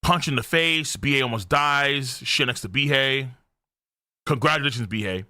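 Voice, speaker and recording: A young man hosting a live stream where he reacts to a manga, excitable and cursing freely as he reads character lines aloud. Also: medium pitch, moderate pace, no room sound, studio quality.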